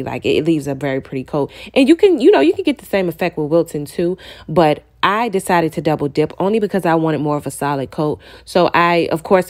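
Chatty woman narrating a baking tutorial. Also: low voice. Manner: chatty, addresses viewers as y'all, excitable. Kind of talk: casual voice-over narration of a tutorial.

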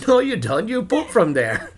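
Woman, low-ish voice, mock-scolding tease with wild pitch swings. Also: huge pitch swings, slow. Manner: teasing, mock-scolding, chuckling. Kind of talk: casual chat.

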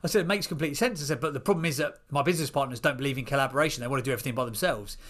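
Fast-talking man telling a story. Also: mid-range voice. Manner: animated, acts out other people's voices. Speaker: podcast guest. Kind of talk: storytelling in a podcast interview.

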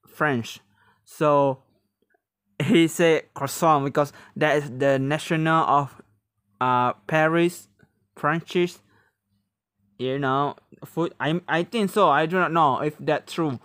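A man hosting a reaction video, talking casually in halting English, often laughing and exclaiming. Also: a little high, steady tone, fairly bright tone, dry recording, clean studio sound.

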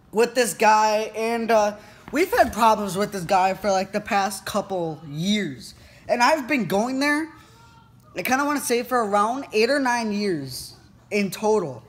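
A teenage boy vlogging, retelling an incident in a rambling way full of fillers. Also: high-pitched. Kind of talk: casual storytelling to camera.

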